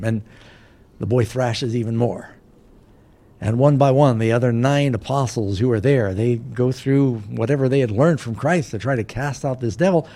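A man's voice: mid-range voice, expressive, normal speed, warm tone. A man preaching a sermon, retelling a Bible story and briefly voicing its characters. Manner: storytelling, voicing biblical characters with varied emphasis.

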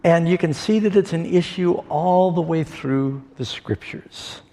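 A pastor giving a sermon, telling stories folksily with pauses and fillers. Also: male voice, on the high side, mellow. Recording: long hall reverb.

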